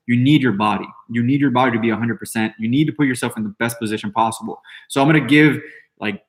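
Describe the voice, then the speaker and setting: A man in his thirties hosting a podcast, talking loosely and answering chat with blunt, profane, rambling remarks. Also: medium pitch. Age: 30s. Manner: brash, heavy swearing, rambling with fillers. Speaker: podcast host. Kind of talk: casual live-stream talk, answering chat.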